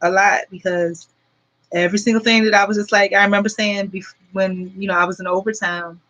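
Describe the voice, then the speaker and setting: A woman in her forties talks straight to her viewers in a bright, forward voice. She rambles earnestly, circling back with fillers as she tells her story. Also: mid-range voice, steady tone, fairly quick, highs cut off. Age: 40s. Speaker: vlogger.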